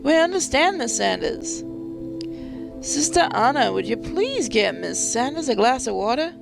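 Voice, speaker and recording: A woman's voice: sits high, sing-song, measured pace, vocal fry, music in the background, full character voice. A woman voicing a kindly middle-aged male priest, reading game dialogue in a polite, soothing way. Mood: courteous. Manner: polite, soothing, formal speech.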